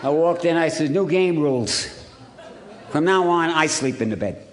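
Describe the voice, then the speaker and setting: A man from Ohio, pitched on the high side and speaking at a moderate, animated pace, tells his recovery story in a hotel conference hall. The telling is wry and punchy, with lots of repetition for the audience.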